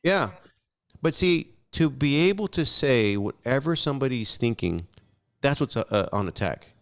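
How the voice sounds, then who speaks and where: Man, young adult, blunt and profane, animated storyteller, casual podcast chat, mid-pitched voice. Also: moderate pace, clean tone. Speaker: podcast guest.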